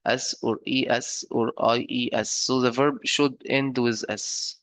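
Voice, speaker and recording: Male teacher for a recorded lesson: unhurried, patient explainer, middle-pitched voice, dry room. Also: fairly even intonation, a bit bright, dry recording. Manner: slow, deliberate explanations with fillers and checks. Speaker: English teacher.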